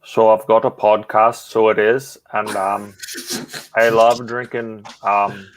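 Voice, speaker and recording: A man doing a parody voice-over of a rambling comic collector, halting and full of fillers. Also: lowish voice, flat delivery, low-quality recording. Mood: mocking.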